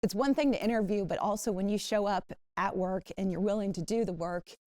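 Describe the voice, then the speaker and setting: Woman, panelist, news manager, lively storyteller, dry sound. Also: mid-range voice, fairly quick, dry recording. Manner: animated storytelling. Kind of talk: panel discussion.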